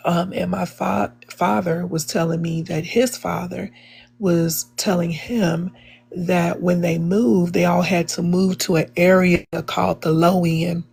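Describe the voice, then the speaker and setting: A woman makes her case in a live online debate. Her voice is gravelly and husky and sits fairly low. She speaks earnestly, with plenty of "um"s and restarts. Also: steady tone, a little slow, a little mellow. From Chicago, USA. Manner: earnest, many fillers and restarts. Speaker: debate participant.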